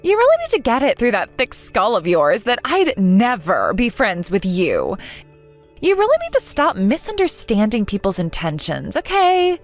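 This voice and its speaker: A woman reading as a cruel fake friend who mocks and taunts, in a text-message story. Her fairly high voice rises and dips widely with scorn. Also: huge pitch swings, moderate pace, faint music behind. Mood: dismissive. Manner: scornful and taunting, laughing at others.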